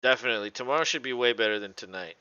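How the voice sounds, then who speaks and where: Guy calling football plays, bright crisp voice, chill and cussing, kinda muffled stream audio. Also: medium pitch, very fast, no room sound. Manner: relaxed, laughs often, swears freely. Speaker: co-host doing play-by-play. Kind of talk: casual play-by-play commentary.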